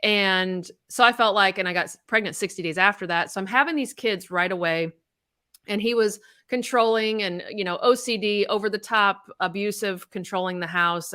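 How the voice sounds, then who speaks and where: A woman's voice: medium pitch, bright, forceful tone. A middle-aged woman, a podcast co-host, telling a personal story in candid casual chat, blunt and swearing freely.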